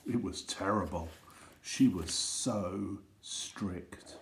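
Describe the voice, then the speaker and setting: A man leading a school assembly, telling funny stories and reading jokes to children in a gentle, teasing way. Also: on the low side, expressive, measured pace, roomy sound, a little hiss or hum.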